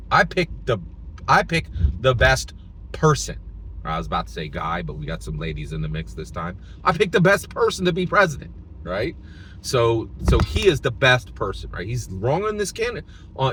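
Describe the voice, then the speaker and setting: A man's voice: a little high, a bit bright, a little hiss or hum. A man from Philadelphia giving casual political opinion commentary, emphatic, restarting phrases and tagging lines with "right?". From Philadelphia, United States.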